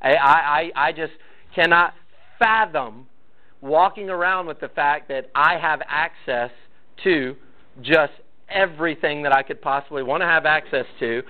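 Leading a church parenting class, a man talks casually with parents and tells stories, acting out the quotes. His voice is fairly high and measured, heard through a tinny, phone-like recording.

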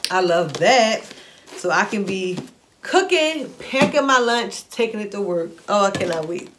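A woman vlogger chatting excitedly through a shopping haul, gushing and repeating herself with delight. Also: medium pitch, unhurried. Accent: Philadelphia-area African American English. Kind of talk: excited haul video chat.

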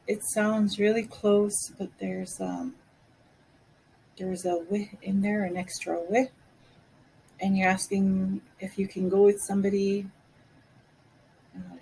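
A woman giving a language lesson, saying each phrase slowly and repeating it for learners. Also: mid-range voice, gravelly, dark tone, slightly rough, low-quality recording. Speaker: Cree language teacher.

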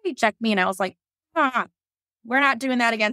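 A woman in her thirties telling her own story in a casual, animated way, quoting herself and others and laughing often. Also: on the high side, fairly quick, vocal fry, dry recording, clean studio sound. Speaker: podcast guest telling her birth story.

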